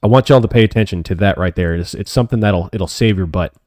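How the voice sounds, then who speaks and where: A man hosting a live options trading stream, calling his trades as they happen and answering chat questions, often excited. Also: deep voice, fast talker, no echo, studio quality. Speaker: options trading livestream host.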